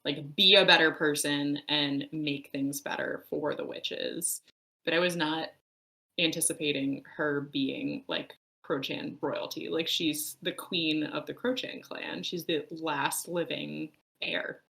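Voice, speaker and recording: Bright-voiced woman in casual chat. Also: low-pitched, slow, gravelly, low-quality recording. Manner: animated, frank, swears freely. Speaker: book club podcast co-host.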